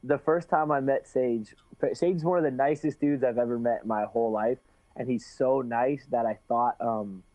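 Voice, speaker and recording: A fighter being interviewed talks in a rambling, casual way, restarting often and swearing easily. His mid-range voice is steady and dark in tone, at normal speed, and the recording sounds dry and tinny, like a phone.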